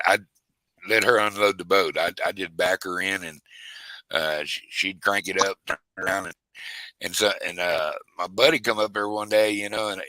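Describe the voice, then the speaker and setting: A man spinning a long fishing yarn in a loose, drawling way, stumbling over his own words. His voice sits a bit low but rings bright and forceful. The sound is close and dry. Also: dry recording, poor audio. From Texas. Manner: rambling, drawling, many restarts. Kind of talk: casual chat, storytelling.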